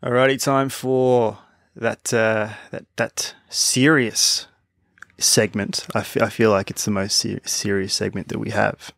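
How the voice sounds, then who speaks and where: A man's voice: lowish voice, level tone, measured pace, vocal fry, fairly bright tone, dry recording, clean studio sound. A man co-hosting a casual sports podcast, rambling with frequent restarts and fillers. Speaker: podcast co-host. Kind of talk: casual chat.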